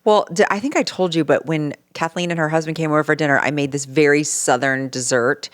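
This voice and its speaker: A woman with a deep, low voice co-hosts a casual podcast. She tells stories candidly and swears freely. The sound is close and dry, with no room echo. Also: fairly even intonation, brisk. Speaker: podcast co-host. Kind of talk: casual chat.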